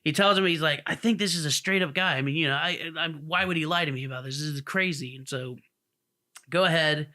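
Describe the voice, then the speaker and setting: A man's voice: on the high side, fairly quick, bright, forceful tone. A man co-hosting a podcast, telling a story in casual chat and acting out the people in it. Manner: rambling storyteller who acts out the people in his story. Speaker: podcast co-host.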